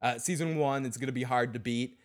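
A man hosting a casual recap podcast, talking at an ordinary middle pitch. He rambles eagerly, often restarting his sentences and leaning on fillers. He reads listener comments aloud. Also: fairly quick. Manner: excitable, many restarts and fillers. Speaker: podcast host.

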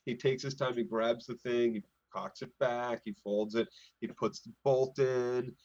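A man's voice: medium pitch, unhurried, no echo, lo-fi sound. A man co-hosting a casual TV recap podcast, retelling scenes and acting them out as he goes. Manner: animated retelling, acts out scenes. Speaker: podcast co-host.

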